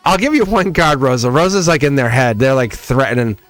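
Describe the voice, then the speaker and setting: A man hosting a live-streamed tarot reading. He talks straight to his viewers in an animated, chatty way and laughs often. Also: medium pitch, normal speed, no echo, faint music behind.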